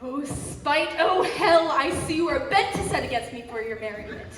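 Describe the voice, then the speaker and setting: A woman's voice: sits high, animated, normal speed, slight background noise. A young woman playing Helena, wounded and indignant. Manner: indignant verse delivery. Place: school auditorium stage. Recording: echoey hall with long reverb.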